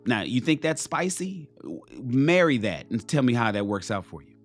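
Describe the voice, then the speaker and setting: A man's voice: mid-range voice, sing-song, normal speed, soft background music. A man hosting a talk show, giving blunt, profane dating advice to other men and repeating key phrases for stress.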